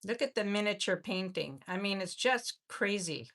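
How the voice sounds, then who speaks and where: A woman's voice: mid-range voice, animated, moderate pace, fairly bright tone. A woman hosting a live jewelry sale, chatting in an effusive way and often repeating her words. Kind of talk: casual live-stream selling.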